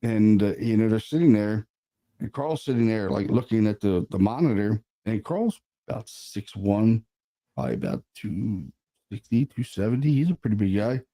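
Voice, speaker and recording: At an ordinary speed and with a somewhat low voice, a man who investigates the paranormal tells an easygoing, animated tale from one of his cases, dropping in swear words and fillers along the way.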